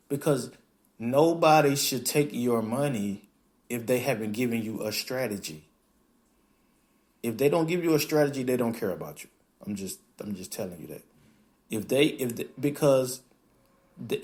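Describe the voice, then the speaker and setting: A man hosting a podcast, talking in a casual, animated monologue that acts out quoted voices and swears freely. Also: medium pitch. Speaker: podcast host.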